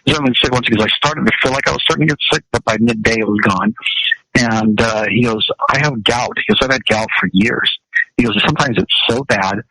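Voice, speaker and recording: A man's voice: medium pitch, a little fast, bright, forceful tone, no room sound, low-quality recording. A man, a wellness practitioner, chatting on a radio show in a rambling way with many restarts. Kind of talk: casual radio chat.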